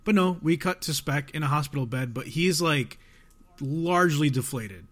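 A man's voice: a little high, normal speed, fairly bright tone. A young man casually recapping anime episodes, rambling, swearing and acting out lines of dialogue. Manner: rambling storyteller, swears freely, acts out quotes. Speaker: podcast co-host recapping an anime. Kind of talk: casual chat.

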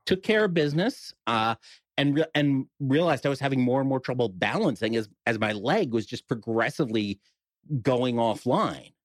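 A man's voice: medium pitch, dry recording, clean studio sound. A middle-aged man with a New York accent, a podcast guest telling a personal story in casual conversation, with wry humor and frequent restarts.

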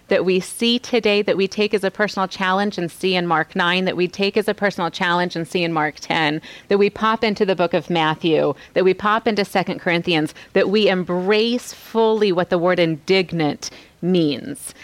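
A woman giving a devotional Bible teaching, asking her listeners reflective questions and dropping to soft, quiet tones on key lines. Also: medium pitch, no room sound.

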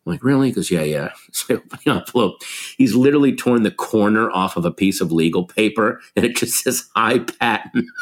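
Storytelling man with a low voice. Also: fairly quick, noisy background. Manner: animated anecdotes with quoted voices. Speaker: comedian guest. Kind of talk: conversational storytelling.

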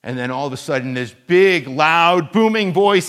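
A man preaching a sermon as a guest preacher. He speaks in a conversational, animated way and pokes fun at himself. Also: on the high side, normal speed, few pauses, clean tone. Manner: conversational, animated, self-deprecating.

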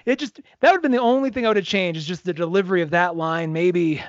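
A man co-hosting a casual podcast chat, animated, often acting out scenes in quoted voices. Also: high-pitched, fast talker, dry recording, lo-fi sound. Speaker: podcast co-host.

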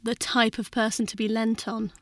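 A woman's voice: fairly high pitch, flat delivery, moderate pace, no room sound, clean studio sound. A young woman co-hosting a podcast with her mother, giggly and rambling, often leaving sentences unfinished. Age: young adult. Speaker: podcast co-host. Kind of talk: casual chat.

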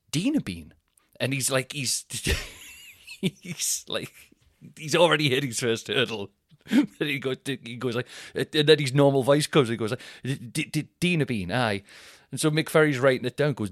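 A man's voice: mid-range voice, moderate pace, no room sound, clean studio sound. Rambling self-mocking man. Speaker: podcast host. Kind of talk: casual storytelling monologue.

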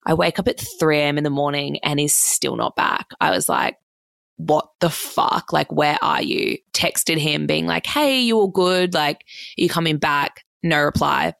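Young australian woman, low voice, gravelly fry, dry close sound, chatty storytelling. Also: little pitch movement, measured pace, a bit bright, no room sound. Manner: chatty, heavy filler "like", swears freely, acts out quotes. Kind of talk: casual storytelling.

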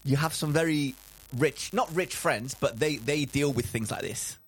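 A man co-hosting a podcast in casual chat, excitable and animated, often stumbling over his words. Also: on the high side, measured pace, breathy edge. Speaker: podcast co-host.

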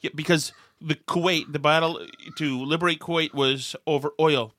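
A man's voice: fairly high pitch, steady tone, moderate pace, a bit bright, no room sound. A man in his fifties from Massachusetts, hosting a podcast with casual political chat and meandering storytelling full of restarts. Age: 50s. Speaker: podcast host.

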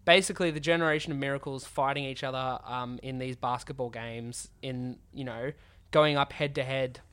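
A man hosting a podcast while sick with a cold, his voice raspy from a sore throat, talking eagerly in casual chat. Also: medium pitch, steady tone, moderate pace, fairly bright tone. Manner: enthusiastic, gushing. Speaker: podcast host.

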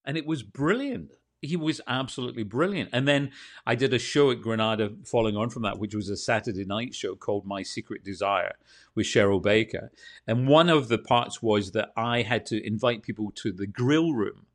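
A Scottish man from Scotland with a Scottish accent, a TV presenter telling animated anecdotes in a casual interview. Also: fairly low pitch, normal speed. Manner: animated anecdotes, quotes others. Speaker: TV and radio presenter, guest.

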